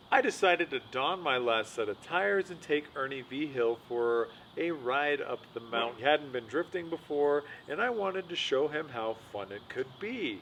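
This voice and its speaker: A man's voice: mid-range voice, fairly bright tone, rough recording. A young man narrates his own vlog in a frank, casual, self-mocking way. His voice sits in the middle range, with a faint hiss in the background. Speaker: vlogger, host of the show. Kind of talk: storytelling voice-over narration.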